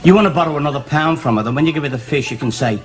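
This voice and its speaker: A man's voice: on the high side, racing, over music, close to an everyday voice. An actor playing a playful man who cracks a silly joke, in studio sitcom style. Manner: jokey and playful. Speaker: sitcom character telling a joke. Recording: studio audience laughter.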